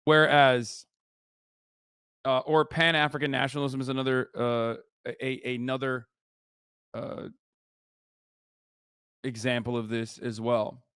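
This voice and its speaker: A man's voice: mid-range voice, measured pace, long pauses, smooth, no room sound. Profane ranting male streamer, dry mic. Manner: animated ranting, heavy swearing, sarcastic. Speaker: streamer reacting to a video. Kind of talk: casual profane commentary.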